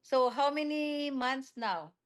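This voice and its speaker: A woman speaks over a video call from a small office kitchen, her voice slightly high. She explains and reassures in a halting, searching way as she answers the group's questions.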